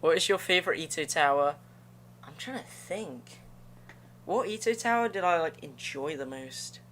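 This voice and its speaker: Bright, slangy young gaming streamer. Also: medium pitch, expressive, moderate pace, a little hiss or hum. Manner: slangy, chatty, talks to viewers between attempts. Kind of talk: casual live-stream commentary while playing.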